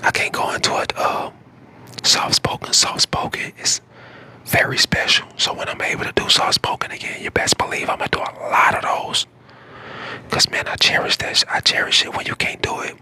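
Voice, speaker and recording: A man in his twenties from St. Louis, whispering casual chat to viewers on an ASMR live stream, hoarse from a lost voice. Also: normal speed, bright, forceful tone. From St. Louis, Missouri. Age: 20s. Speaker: ASMR creator.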